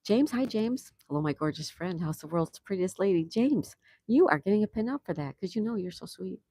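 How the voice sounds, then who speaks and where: A woman's voice: lowish voice, animated, brisk, mellow, no echo. A woman hosting a casual live stream, chatting and laughing as she greets viewers and answers their comments. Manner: laughs often. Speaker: livestream host. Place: home in Florida.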